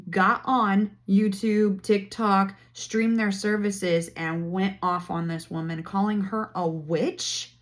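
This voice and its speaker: A woman's voice: medium pitch, steady tone, takes it slowly, few pauses. A woman talking straight to camera in a casual monologue, indignant and emphatic as she builds her case. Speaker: vlogger.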